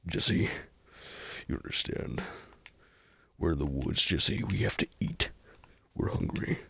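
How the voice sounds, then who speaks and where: Guy putting on a low gravelly grim teacher dude, hushed and pleading, dead slow. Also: big pitch swings, no room sound, full character voice. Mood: urgent. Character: grim middle-aged male chemistry teacher, stern and urgent.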